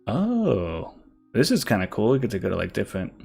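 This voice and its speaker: A man's voice: on the low side, wildly swooping pitch, a little fast, creaky, darkish tone, husky, faint music behind. A young man streaming a card game, thinking aloud and reading card text with many fillers. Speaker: gaming streamer. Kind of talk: casual gameplay commentary.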